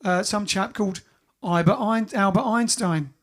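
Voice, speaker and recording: An English man hosts a live stream in a high, somewhat bright voice at a moderate pace. He chats casually, reading viewer comments aloud and joking about them.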